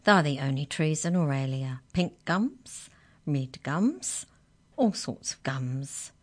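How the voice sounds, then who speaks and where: A sly little storybook mouse that is really the Tooth Fairy, cheerful and quietly smug, as a woman reads it aloud. The voice sits low and teases with knowing calm. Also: slow, heavily acted. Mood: matter-of-fact. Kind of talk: children's storybook reading.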